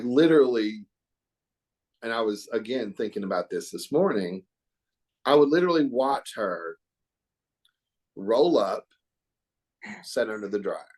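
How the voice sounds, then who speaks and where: A man's voice: mid-range voice, darkish tone. Earnest middle-aged man from Oklahoma. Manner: earnest, reflective, emphatic. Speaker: hair educator guest. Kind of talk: podcast interview chat.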